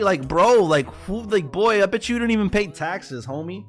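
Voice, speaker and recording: Soft music plays as a forex trader hosting a livestream delivers a profane, heated political rant to his "boys." He speaks in a high-pitched, very animated, brisk voice with few pauses and a fairly bright tone.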